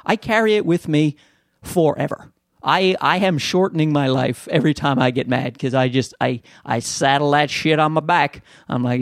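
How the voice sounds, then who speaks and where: A man hosting a podcast, telling a long story in a casual, profane rant and jumping into high-pitched voices when he quotes people. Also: moderate pace, no echo, studio quality. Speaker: podcast host.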